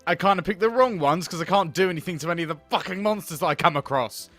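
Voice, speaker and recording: A man's voice: high voice, fast talker, a bit bright, no echo, soft background music. A man doing let's play commentary on a game, grumbling, swearing and sarcastic. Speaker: gaming video host.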